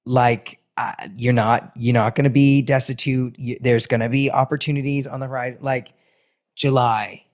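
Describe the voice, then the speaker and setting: Animated sing-songy man reading tarot. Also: medium pitch. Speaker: tarot reader. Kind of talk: casual astrology and tarot reading.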